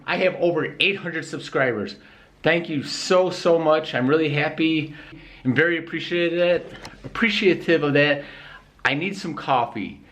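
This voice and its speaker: A man vlogging casually as he walks around a city, chatty, rambling and self-mocking. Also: a little high. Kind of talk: casual vlog chat. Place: outdoors in a city, walking about. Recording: noisy street recording.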